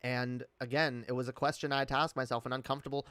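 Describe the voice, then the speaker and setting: A man's voice: mid-range voice, little pitch movement, fast, a bit bright, clean tone, dry recording. A man speaking with a put-on British accent in a casual live-stream chat, rambling candidly, reading chat and swearing often. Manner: reads and answers chat.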